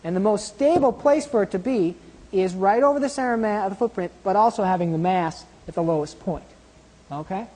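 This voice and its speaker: A woman science teacher gives a hands-on classroom demonstration. She explains each step and often checks in with a quick "okay?". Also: medium pitch, dark tone. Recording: long reverb of a large room.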